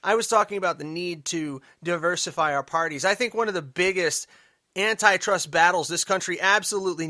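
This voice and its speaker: A man hosting a political commentary podcast, emphatic and sarcastic, dropping to mutters and then rising loud. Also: high voice, no echo, studio quality. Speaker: podcast host.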